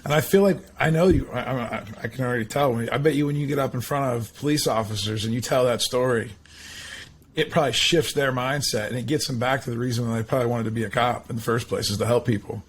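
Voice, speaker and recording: A man's voice: mid-range voice, fast, a little hiss or hum. A man hosting a podcast, reacting to a guest's story with loose, enthusiastic chat. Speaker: podcast host. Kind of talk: casual interview chat.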